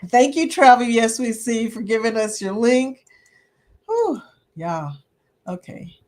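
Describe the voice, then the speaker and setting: Woman, livestream host, slightly high voice, chatty and laughing, reads comments aloud. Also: expressive, slow pace, darkish tone. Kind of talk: casual livestream chat reading comments.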